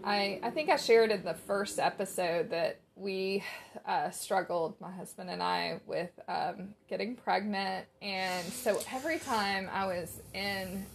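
A middle-aged woman co-hosts a relaxed podcast chat, thoughtful and soft-spoken, with many fillers. Her voice has a gravelly fry, and a faint hiss sits under the recording. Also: mid-range voice, unhurried. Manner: gentle and reflective, many fillers. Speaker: podcast co-host. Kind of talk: casual chat.

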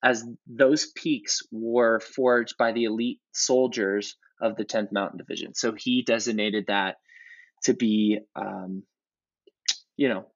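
Rambling man on a lo-fi podcast. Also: on the low side. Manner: rambling storyteller, frequent restarts. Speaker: podcast co-host. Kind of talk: casual chat.

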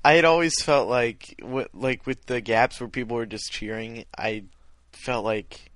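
A man's voice: medium pitch, fairly even intonation, unhurried, fairly bright tone, dry recording. A young man hosting a podcast, talking casually with lots of restarts and laughs. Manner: rambling, restarts often, laughs. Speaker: podcast host. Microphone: internet call.

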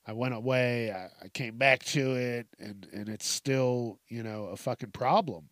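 A man's voice: medium pitch, unhurried, a bit bright, dry recording, clean studio sound. A man hosting a podcast, talking casually in a profane, self-deprecating way, laughing often and restarting his sentences. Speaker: podcast host. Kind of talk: casual monologue.

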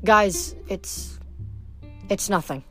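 A woman voicing an upset, grieving sixteen-year-old boy who talks in a strained, halting way. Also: medium pitch, faint music behind.

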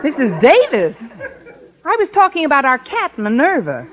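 An actress playing a sly, wisecracking schoolteacher in a 1940s radio sitcom, talking in a sardonic, playfully mock-tearful way. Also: female voice, high-pitched, huge pitch swings, moderate pace, lo-fi sound. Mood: teasing. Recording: old radio broadcast, studio audience laughter.

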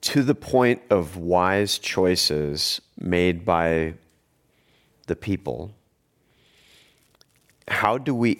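A man in a casual discussion who often restarts his sentences and then builds to emphatic points. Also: low voice.

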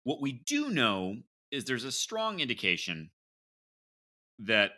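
A man's voice: medium pitch, wildly swooping pitch, slow, bright, forceful tone. A man hosting a casual sports podcast, bantering loosely and laughing through his lines. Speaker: podcast host.

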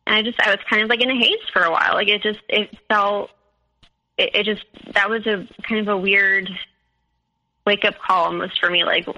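A woman's voice: medium pitch, fairly even intonation, a little fast, pushed and bright, rough recording. A young woman telling her personal story as a podcast guest, candid and full of fillers. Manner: candid storytelling with many fillers, quoting others.

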